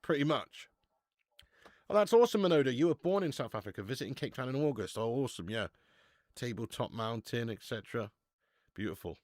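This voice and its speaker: A man's voice: mid-range voice, lively intonation, a little fast, long pauses, darkish tone, no echo. Casual man streaming, dry sound. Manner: casual, chatty, swears, reads out viewer messages. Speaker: football watch-along streamer. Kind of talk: live watch-along chat.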